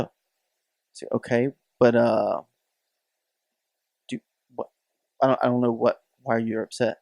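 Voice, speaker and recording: This mid-range male voice is a little slow and creaky, with long pauses, captured without echo in clean studio sound. He co-hosts a podcast, casually spinning animated stories and imitating the voices of the characters in them.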